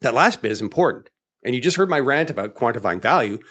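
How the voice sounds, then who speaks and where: A man's voice: medium pitch, expressive, quick pace, fairly bright tone. A man hosting a live webinar, talking in an emphatic, rhetorical way and firing off questions that he answers himself. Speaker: webinar host.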